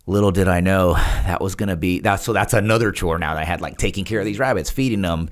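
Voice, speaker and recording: Speaking low and at a quick pace, this man is a guest on a casual interview podcast. He's an adult with a wife who spins an animated story, laughing a lot and performing the quotes.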